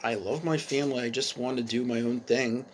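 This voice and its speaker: A quiet, withdrawn teenage girl in a storytelling video, as a male narrator puts her on. She speaks softly and without force. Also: medium pitch, fairly even intonation, brisk, a little hiss or hum, close to an everyday voice. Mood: subdued.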